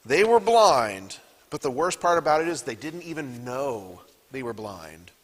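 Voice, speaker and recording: A man's voice: mid-range voice, big pitch swings, measured pace, in a large hall. Man teaching a Bible class. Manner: reads scripture aloud and asks the class questions. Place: church classroom.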